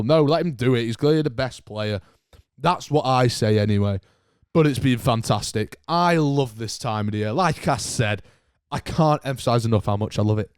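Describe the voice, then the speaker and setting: A young man hosts a solo podcast, animated and ranting with cheeky banter. His voice sits at an ordinary middle pitch and the sound is dry and close, with no room around it. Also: normal speed, clear, resonant tone, no echo. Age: young adult. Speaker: podcast host. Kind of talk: casual solo podcast chat.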